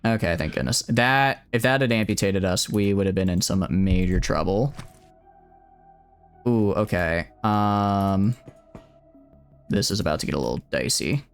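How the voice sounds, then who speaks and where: A man's voice: deep voice, animated, a little slow, gravelly, long pauses, faint music behind. A man giving casual live-stream commentary over a video game, rambling through joking asides and swearing a lot when frustrated. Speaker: gaming streamer. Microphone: streaming mic set to cap loud shouts.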